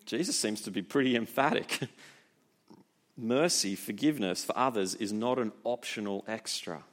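A man preaching a sermon in a relaxed, conversational way, often asking rhetorical questions. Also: on the low side, normal speed. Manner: animated, informal, asks rhetorical questions.

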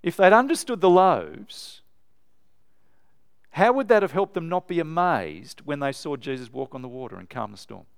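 Guy preaching in church, animated and emphatic, slightly high smooth voice. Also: moderate pace. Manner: animated, emphatic, speaking to a live congregation. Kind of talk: sermon.

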